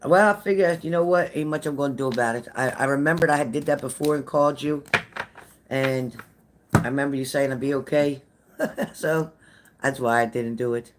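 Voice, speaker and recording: A woman's voice: rumbling low, moderate pace, a little hiss or hum. An older woman, a psychic medium, chatting casually with viewers on a live stream, greeting them by name and repeating herself.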